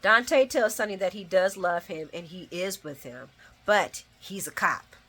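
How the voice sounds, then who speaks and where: A woman's voice: medium pitch, measured pace, fairly bright tone, slightly rough. A woman hosting a casual soap opera recap, talking animatedly, laughing and acting out the characters' lines with slang. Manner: uses casual slang and swearing.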